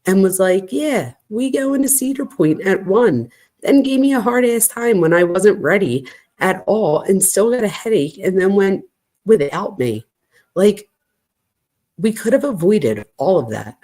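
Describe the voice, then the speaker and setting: Woman true crime host, lowish voice, very animated pitch; reads messages aloud with reactive commentary. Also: unhurried. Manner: animated, reacts with gasps and asides.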